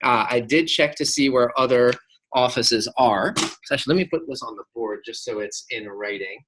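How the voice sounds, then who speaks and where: A man at a medium pitch gives an upbeat, encouraging talk to his sales team. He keeps it casual and conversational, often checking in with a quick "right?" as he goes. He speaks in a meeting room with a whiteboard. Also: background noise. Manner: casual, tags remarks with "right?". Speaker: sales district manager.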